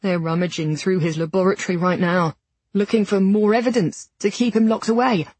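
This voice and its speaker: A woman's voice: mid-range voice, steady tone, a little mellow, dry recording, natural voice. Woman voicing a shaken working-class manservant. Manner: halting, rough common speech. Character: nervous working-class male servant.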